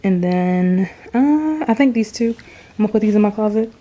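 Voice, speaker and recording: A woman's voice: medium pitch, animated, moderate pace, warm tone, slight background noise. A young woman, out of breath and rambling with fillers as she casually vlogs from her bedroom. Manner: chatty, rambling, with many fillers. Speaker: vlogger. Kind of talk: casual chat.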